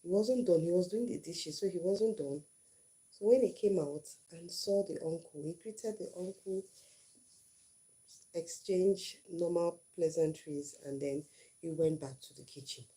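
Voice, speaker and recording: A middle-aged woman speaks casually to viewers on a livestream, telling a story and giving advice. She is earnest and repeats phrases for emphasis. Her voice sits a little low and has a very dark, mellow tone. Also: a little slow. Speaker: channel host on her first livestream.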